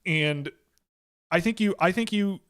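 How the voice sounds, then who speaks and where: A man with a slightly higher voice talks through a casual live stream in a loose, rambling way. He stops and restarts often and fills the gaps with "like" and "um". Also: a little slow, a bit bright, clear, resonant tone. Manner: rambling, self-correcting, many fillers. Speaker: hockey draft analyst hosting a live stream.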